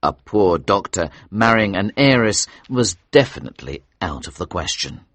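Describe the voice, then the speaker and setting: Reading a story aloud for English learners, a man speaks slowly, clearly and expressively. His lowish, husky voice has lively intonation, recorded close and dry with no echo.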